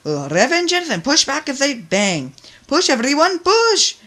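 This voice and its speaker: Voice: medium pitch, huge pitch swings, moderate pace, bright, forceful tone, voice pushed up, full character voice. A reader voicing a sensible male tugboat leader in a storybook, firm and encouraging. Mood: rallying. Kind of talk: storybook reading.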